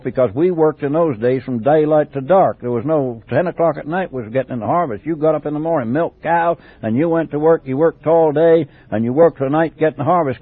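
A man's voice: a little high, no echo. An older man from England recounts his life for a home memoir tape, drifting off on tangents and circling back. The recording is dry and tinny, like a thin old cassette. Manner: rambling, digressive storytelling with restarts.

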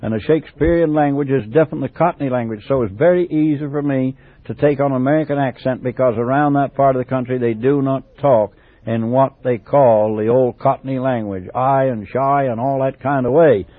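A man's voice: mid-range voice, fairly quick, no echo, phone-quality sound. An older man from England telling his life story for a personal memoir tape, in a rambling, digressive way full of restarts.

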